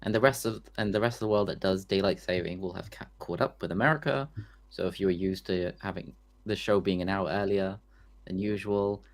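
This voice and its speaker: A man on a casual panel chat, calm and plain in how he explains things. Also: deep voice, brisk.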